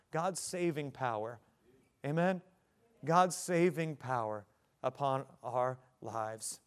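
Male pastor, 30s, fairly high voice, emphatic building sermon delivery. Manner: preaching with rising emphasis and repeated phrases.

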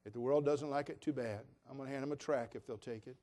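A man's voice: medium pitch, fairly even intonation, quick pace, dark tone. A man preaching a sermon as pastor, telling folksy stories in an earnest, plain-spoken way. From Cherokee. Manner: folksy, earnest, acts out quoted voices. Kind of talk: sermon with storytelling.

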